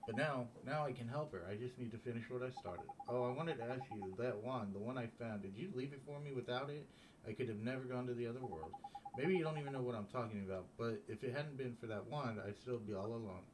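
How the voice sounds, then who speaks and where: A man voicing a polite, earnest young boy hero in a quiet, plain way. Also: mid-range voice, fast talker, noisy background, lightly acted.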